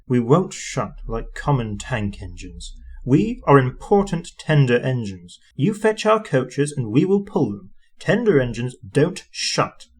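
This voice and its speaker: A man's voice: mid-range voice, big pitch swings, a little slow, husky. A man reading a storybook aloud, voicing a proud, rude male steam engine with a haughty, sneering manner.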